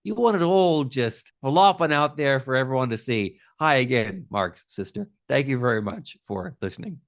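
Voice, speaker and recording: Man, podcast host, casual film chat, lively swooping pitch, swears freely. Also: normal speed.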